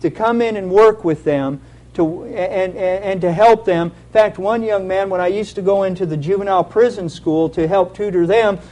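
A man's voice: sits high, normal speed, warm tone, poor audio. A man giving an earnest, heartfelt sermon with a personal testimony. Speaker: lay preacher.

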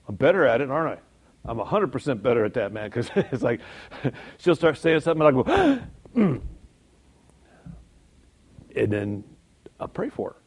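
A man's voice: mid-range voice, animated, normal speed, pauses often, breathy edge. A man giving an informal sermon, talking conversationally, chuckling often and joking about himself. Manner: conversational, chuckles often, jokes at his own expense. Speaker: Christian speaker.

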